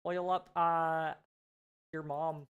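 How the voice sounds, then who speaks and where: A hoarse man doing a goofy impression of a cheerful male frog puppet with a high, nasal voice. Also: little pitch movement, narrow, tinny audio. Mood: silly. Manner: goofy, slow, drawn-out impression with crude jokes. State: hoarse, losing his voice.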